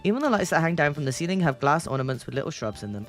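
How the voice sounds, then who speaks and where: A woman's voice: sits low, big pitch swings, racing, hardly any pauses, faint music behind. A woman streamer chatting playfully and reading a game aloud, giggling and teasing. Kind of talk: casual commentary while reading a game aloud.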